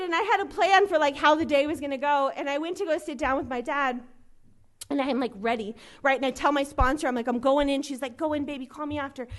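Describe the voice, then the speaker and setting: A woman with a high, light voice, in her thirties, tells her own recovery story to a meeting room. She talks earnestly and loosely, with lots of "like" and "um", and briefly acts out what others said to her. Her delivery stays conversational and personal. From Los Angeles.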